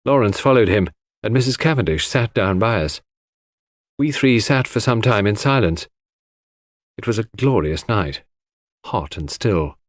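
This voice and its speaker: A man reading a classic mystery aloud in measured, expressive narration. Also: on the low side, dry recording, studio quality. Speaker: audiobook narrator.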